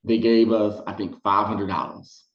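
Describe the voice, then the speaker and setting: A man telling a personal story in casual vlog style, acting out the people he quotes. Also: measured pace. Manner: animated, acts out quotes in high voices. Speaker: storytime vlogger. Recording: roomy, dull lo-fi sound.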